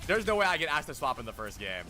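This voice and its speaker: A man streaming a game, talking casually and excitedly to his chat, joking and swearing as he plays. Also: a little high, fast. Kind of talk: casual gaming livestream chat.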